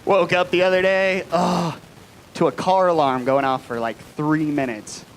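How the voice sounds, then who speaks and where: A man in his late twenties performing a profane stand-up comedy set on a live stage, dropping to low mutters and then shouting the punchlines. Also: steady tone, moderate pace, a little hiss or hum. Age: 20s.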